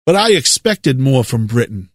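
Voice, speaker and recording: A man from the United States preaching a monologue, leaning hard on drawn-out stresses and repeating words for effect. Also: mid-range voice, sing-song, no room sound, clean studio sound.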